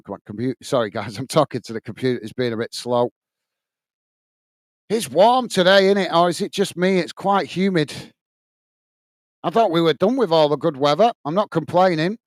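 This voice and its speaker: High clear-voiced guy doing a footy watchalong, chatty, lots of uhs, dry close mic. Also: no room sound. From England. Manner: chatty, restarting often with fillers, earnest. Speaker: watch-along host. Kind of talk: live match commentary and chat. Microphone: headset earpiece.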